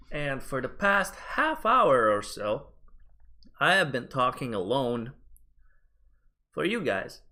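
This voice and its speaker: A man's voice: on the high side, pushed and bright. A man talking to his viewers in a loose, rambling vlog, chatty and swearing casually. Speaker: streamer and vlogger.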